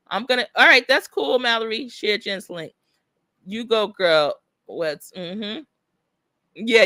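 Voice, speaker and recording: Brief: woman livestream host, excitable and chatty, bright voice, dry close sound. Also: mid-range voice, dry recording. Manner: animated, excitable, reads viewer comments aloud. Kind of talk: casual livestream chat reading comments.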